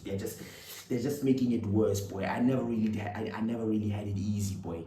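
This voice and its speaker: A man's voice: fairly low pitch, brisk, slight background noise. Slangy man, echoey room. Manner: animated, slangy, swings from loud to hushed. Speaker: vlogger. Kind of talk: storytelling monologue. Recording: echoey room with faint ambience.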